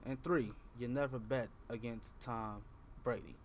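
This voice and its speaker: Young male co-host, mid-pitched, punchy, hammers points by repeating them. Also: steady tone, measured pace, slight background noise. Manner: emphatic, repeats points for effect. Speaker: podcast co-host. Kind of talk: casual sports talk. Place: campus TV studio.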